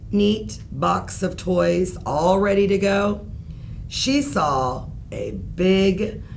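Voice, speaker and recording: A woman reading a bedtime story aloud in an expressive, unhurried way. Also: mid-range voice, vocal fry, slight background noise.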